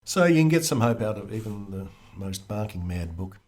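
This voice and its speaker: A man's voice: lowish voice, expressive, moderate pace, a little mellow. A man, a podcast guest, explaining things in a casual conversational way, wry and lightly humorous, with occasional restarts.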